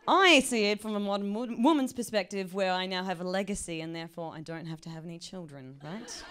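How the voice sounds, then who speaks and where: A woman's voice: mid-range voice, a bit bright, a little hiss or hum. Self-mocking young woman doing stand-up. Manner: chatty and self-mocking, with stumbling restarts. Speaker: stand-up comedian. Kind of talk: live stand-up comedy. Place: live comedy venue with an audience.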